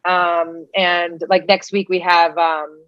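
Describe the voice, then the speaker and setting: A woman's voice: on the low side, flat delivery, slow, dry recording, lo-fi sound. A woman co-hosting a podcast, chatty and upbeat, with many "like"s and "um"s. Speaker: podcast co-host. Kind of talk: casual interview chat.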